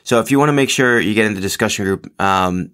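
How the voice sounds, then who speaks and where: A man's voice: lowish voice, fast talker, fairly bright tone. A man hosting his own podcast in casual solo chat, rambling with lots of ums and restarts, joking at his own expense. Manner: rambling, full of ums and restarts, self-deprecating. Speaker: podcast host.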